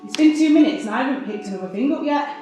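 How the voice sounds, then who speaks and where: A woman's voice: high voice, very fast. Woman in a wry one-woman stage monologue. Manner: wry, lively storytelling with laughs. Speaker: solo stage performer. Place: theatre stage. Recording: echoey theatre with faint music.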